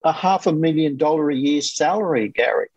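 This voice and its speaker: A man coaching guest telling a client's success story in a lively, conversational way, acting out other people's lines as he goes. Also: on the high side, fairly quick, breathy edge, dry recording, muffled recording. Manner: animated, quotes others in lively voices.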